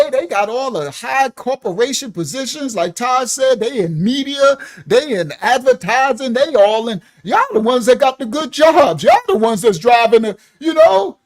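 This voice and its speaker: An older man hosting a casual livestream, reading viewer comments aloud, laughing often and searching for words with plenty of fillers. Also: sits high. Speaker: livestream host. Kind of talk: casual live-stream chat.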